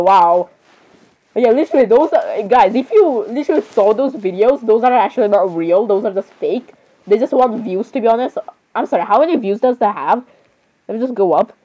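A woman's voice: medium pitch, warm tone, low-quality recording. A woman giving casual reaction commentary on videos, giggly and constantly saying sorry.

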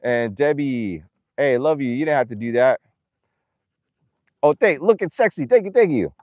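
A man's voice: mid-range voice, animated, normal speed, pauses often, darkish tone, dry recording, studio quality. A young man livestreaming casually outdoors at an animal ranch, reading donor names and talking to the animals. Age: young adult. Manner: chatty, reads donor names aloud, coos at animals.

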